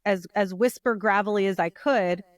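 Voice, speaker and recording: Smooth-voiced woman podcast host. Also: mid-range voice, moderate pace, no echo, studio quality. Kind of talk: casual conversational storytelling.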